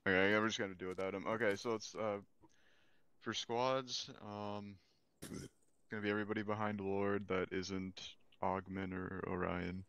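A man's voice: on the low side, little pitch movement, a bit bright, clean tone, dry recording, dull audio. A man leading a game squad, talking casually with lots of fillers and restarts. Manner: halting, full of fillers and restarts. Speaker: game squad leader giving a briefing. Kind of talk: casual gaming chat.

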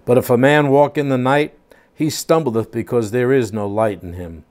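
A man's voice: medium pitch, steady tone, moderate pace, darkish tone. An older man teaching a home Bible study, reading scripture aloud and then explaining it in plain, casual asides.

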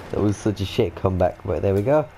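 A young British man commentating on his gameplay in a lowish voice, excitable and full of swearing and jokes. He jumps from mutters to yelps as the game goes wrong, with faint background noise behind him. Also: a little fast, rough recording. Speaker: gaming video host. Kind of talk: let's-play commentary.

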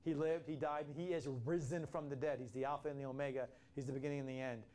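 A man's voice: fairly high pitch, fairly even intonation, fast talker, a little mellow. A man preaching a sermon in an impassioned way, often restarting his phrases and acting out quotes. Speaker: pastor.

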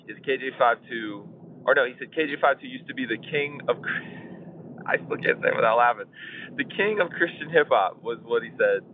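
A man in his forties hosting a podcast, chatting casually and rambling with fillers and chuckles. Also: mid-range voice. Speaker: podcast host. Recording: tinny phone line, faint noise.

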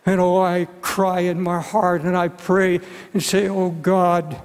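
A man in his seventies delivers a sermon with an earnest, pleading tone, often repeating words as he presses a point. His voice sits high for a man. The sound carries a long reverb from a large hall. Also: completely flat delivery, measured pace, clear, resonant tone. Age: 70s. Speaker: pastor.

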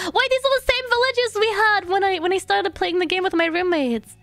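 A woman's voice: extremely high pitch, fairly quick, gravelly, fairly bright tone, no echo. Chatty young woman streaming a game. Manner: chatty, playful and sympathetic, talking to chat. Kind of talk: casual live-stream chat while gaming. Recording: dry close mic, faint background music.

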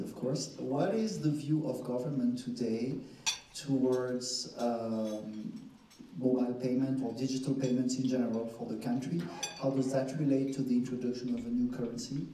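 Audience guy with a real dark mellow voice asking a polite question, super echoey hall. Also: medium pitch. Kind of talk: formal question from the floor. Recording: very echoey hall, distant mic, faint noise.

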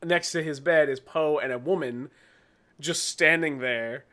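Casual man recapping a TV episode. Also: a little high. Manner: relaxed, laughs often, acts out scenes in quick voices. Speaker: podcast co-host.

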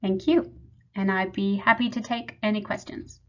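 A woman's voice: medium pitch, fairly even intonation, fairly bright tone. Woman presenting her lab's research. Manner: measured, explanatory. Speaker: lab head presenting research. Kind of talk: prepared webinar presentation. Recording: slightly muffled webinar audio.

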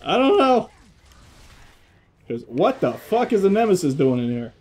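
A man's voice: high-pitched, big pitch swings, normal speed, darkish tone, slight background noise. A young man chatting casually while playing a video game, joking, swearing and laughing a lot. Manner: laughs often, jokey, swears. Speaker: gamer. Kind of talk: casual gaming chat.

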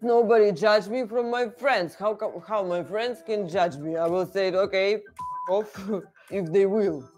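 Woman, interview subject; frank and halting over faint music. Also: medium pitch, darkish tone. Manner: frank, halting, with many pauses. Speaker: interviewee in a documentary clip. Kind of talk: candid interview.

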